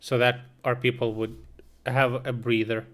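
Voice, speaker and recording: A man's voice: medium pitch, flat delivery, moderate pace, a bit bright. Irreverent man streaming the news. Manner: irreverent, swears, laughs at own jokes. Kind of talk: live news commentary stream.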